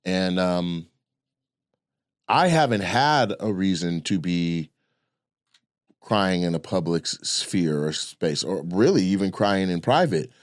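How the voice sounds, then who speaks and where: A man talking in a casual podcast chat, animated and loose, swearing freely. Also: deep voice, slow, long pauses, dry recording, clean studio sound. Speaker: comedian and podcast guest.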